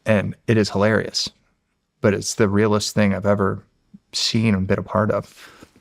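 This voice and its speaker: A man's voice: on the low side, little pitch movement, moderate pace, vocal fry, no room sound, clean studio sound. A middle-aged American man and podcast guest who tells stories casually and animatedly, acting out the voices. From United States. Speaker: podcast guest, former Navy SEAL. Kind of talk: casual storytelling.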